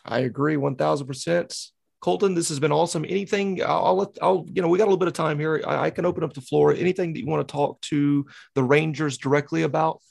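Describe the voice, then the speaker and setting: An upbeat man hosting a fan podcast with a higher voice full of gravelly fry. He runs quick word games and reads sponsor plugs in a loose, casual way. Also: fairly even intonation, a little mellow. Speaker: podcast host. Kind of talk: casual interview chat.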